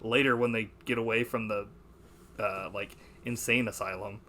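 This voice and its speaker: A man's voice: on the low side, steady tone, normal speed, pushed and bright, a little hiss or hum. A young man hosting a podcast, chatting casually about a movie, rambling, swearing and laughing as he quotes lines. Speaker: podcast host.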